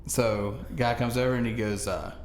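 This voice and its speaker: A man co-hosting a podcast, telling a story in casual chat with animated delivery and frequent laughter. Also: medium pitch, normal speed. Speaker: podcast co-host. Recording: echoey room, faint noise.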